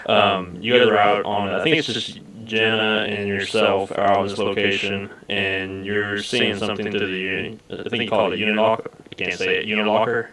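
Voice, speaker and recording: A man's voice: lowish voice, flat delivery, normal speed, few pauses, fairly bright tone, roomy sound, poor audio. A man hosting a live paranormal podcast, easygoing and joking, laughing often as he talks. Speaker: podcast host. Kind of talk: casual live interview.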